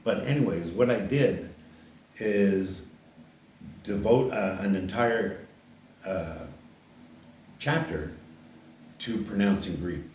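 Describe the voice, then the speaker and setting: Older man talking slowly in a roomy space. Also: low voice, a little mellow, slight background noise. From Canada. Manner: rambling, many fillers and restarts. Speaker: author presenting his book. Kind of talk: casual to-camera talk. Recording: roomy echo, distant mic.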